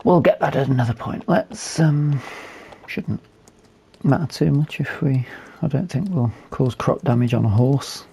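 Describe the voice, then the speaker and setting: A man with a hoarse, fading voice, calmly commentating a game as he plays and thinking aloud with fillers. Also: medium pitch, normal speed, a little hiss or hum. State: losing his voice. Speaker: gaming video host.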